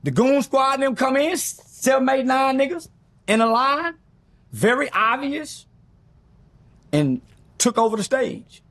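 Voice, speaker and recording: A middle-aged man, a guest in a sit-down interview, tells a story in a very high, animated, slightly bright voice with no room sound. He's blunt and profane, recounting things rapidly and acting out what other people said.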